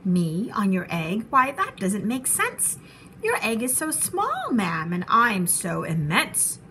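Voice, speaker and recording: A woman voicing a gentle, faithful male elephant, speaking slowly, firmly and earnestly. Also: mid-range voice, wildly swooping pitch, slight background noise, heavily acted.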